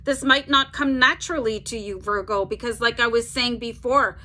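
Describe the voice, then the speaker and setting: A woman giving a casual tarot reading to her audience. Her voice sits a little high and rings bright and forward. She talks in an easygoing, rambling way, leaning on "like" and tagging "okay?" onto her points. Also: normal speed. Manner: chatty, fills with "like", tags "okay?" on sentences. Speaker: tarot reader.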